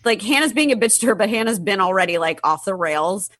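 Chatty woman co-host, bright voice, rambles and laughs a lot. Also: medium pitch, lively intonation, quick pace. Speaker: podcast co-host. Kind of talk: casual movie review chat.

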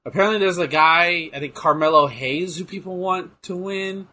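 A man co-hosting a casual chat while watching wrestling, excitable, swearing and trailing off into fillers. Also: high-pitched, normal speed. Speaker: podcast co-host.

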